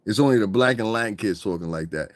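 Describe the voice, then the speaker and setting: A man hosting a podcast in a casual, animated monologue, swearing and mimicking other people's voices. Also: on the low side, fast, no echo. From United States. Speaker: podcast host.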